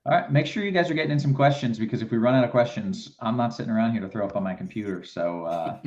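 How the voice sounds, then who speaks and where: A man's voice: mid-range voice, fast, a little mellow. A man hosting a casual live stream, reading viewer questions aloud to his guests. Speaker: host. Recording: dull lo-fi stream audio.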